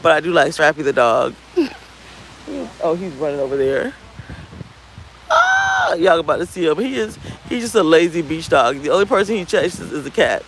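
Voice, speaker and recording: A woman in her thirties talking candidly to camera outdoors, rambling and animated. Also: low voice, brisk, noisy background. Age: 30s. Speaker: vlogger. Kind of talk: casual talk to camera. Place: outdoors on a beach.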